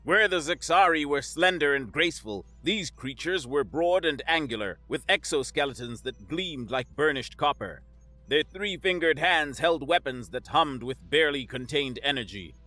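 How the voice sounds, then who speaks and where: Bright, dry male sci-fi narrator. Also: on the high side, lively intonation, moderate pace, no room sound, soft background music.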